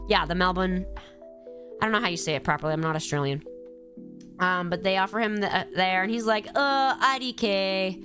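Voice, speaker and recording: A woman with a cold, tired and rambling casually on a live stream, swearing freely and answering her chat as she goes. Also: medium pitch.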